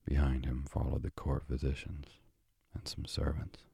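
A man narrating a storybook aloud in a slow, measured way. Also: very deep voice, completely flat delivery, creaky, mellow, breathy edge, no room sound. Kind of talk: audiobook narration.

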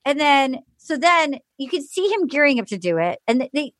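High-voiced animated woman host. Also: moderate pace, no echo, studio quality. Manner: animated, laughing, acts out quotes. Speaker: podcast host. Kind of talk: casual chat, recapping a reality show.

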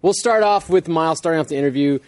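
Guy running the improv game, chill, slightly high voice, faint noise in back. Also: quick pace. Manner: casual, sets up scenes and timer. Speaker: game show host.

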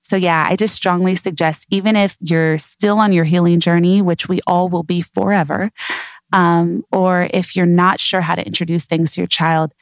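A woman's voice: on the low side, fairly even intonation, normal speed, no echo. A woman guest on an interview show, speaking earnestly and reflectively in repeated emphatic phrases.

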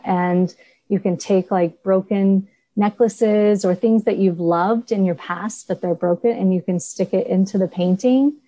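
A woman artist on a video coaching call, telling her story in an earnest, animated way. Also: medium pitch, no echo, poor audio.

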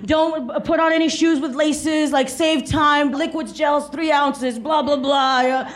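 A woman's voice: high-pitched, steady tone. A woman doing a fussy, bossy boyfriend. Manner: anal, rule-reciting, hurried. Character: fussy, bossy young male boyfriend lecturing on travel.

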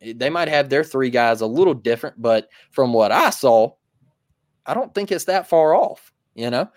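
A man co-hosting a sports talk show in a casual, emphatic manner, repeating his points to calm the listeners down. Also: medium pitch, normal speed, no echo, studio quality. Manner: emphatic, preachy, repeats phrases. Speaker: podcast co-host.

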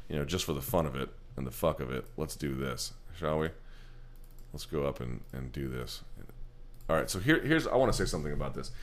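A man hosting a casual post-fight show, talking loosely and emphatically with lots of fillers and the odd curse. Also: sits low. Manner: loose, profane, rambling and emphatic, many fillers. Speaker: MMA show host. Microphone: handheld camera.

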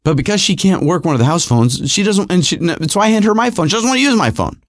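Lively man telling a personal story. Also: sits high, fast, no echo, clean studio sound. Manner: animated, repetitive, self-mocking.

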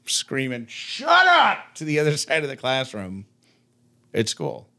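A man co-hosting a relaxed podcast chat. His pitch swings widely as he talks, and he slips into playful impressions of others while telling stories. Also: normal speed. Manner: animated, playfully mimics others mid-story. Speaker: podcast co-host. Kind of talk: casual chat.

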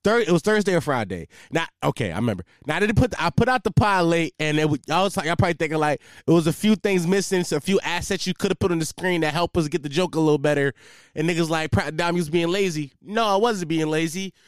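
A man's voice: a little high, quick pace, no room sound, clean studio sound. A young man hosting a casual solo podcast, talking in a profane, rambling way and losing his train of thought. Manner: profane, rambling, loses track, animated storyteller. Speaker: podcast host.

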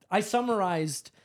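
A man co-hosting a comedy podcast, rambling in crude, joking chat. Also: high voice. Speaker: podcast co-host.

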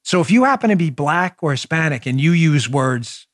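Emphatic high-voiced male podcast host. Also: normal speed, dry recording, studio quality. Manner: emphatic, animated storytelling with laughs. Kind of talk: opinionated political talk.

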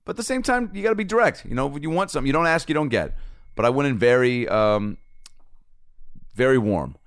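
A man, a comedian and podcast host, telling a casual story in an animated way, swearing freely and acting out both sides of the exchange. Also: medium pitch, fast, no room sound, studio quality.

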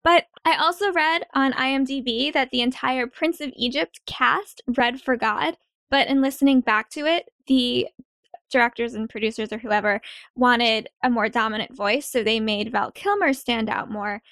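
Lively woman podcast host. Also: fairly high pitch, dry recording, clean studio sound. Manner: lively, quick to laugh. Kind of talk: casual chat.

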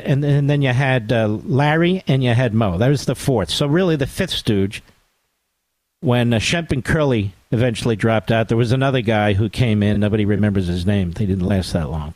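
Male radio host, middle pitch, biting and sarcastic, dry close-mic studio sound. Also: normal speed, dry recording. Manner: sarcastic, animated, asides to his producer. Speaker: radio talk show host. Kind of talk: opinionated political talk radio monologue.

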